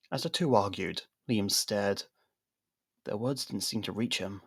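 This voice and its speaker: A gravelly man with a low, breathy-edged voice reads a scripted fan sci-fi drama at an unhurried pace, narrating and giving each character a lively voice of their own like an audiobook reader. The recording is dry and studio quality.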